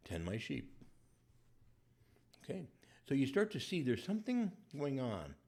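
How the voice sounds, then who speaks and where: A man's voice: mid-range voice, huge pitch swings, unhurried, pauses often, darkish tone, breathy edge. A male priest giving a conversational sermon, acting out the dialogue as he goes.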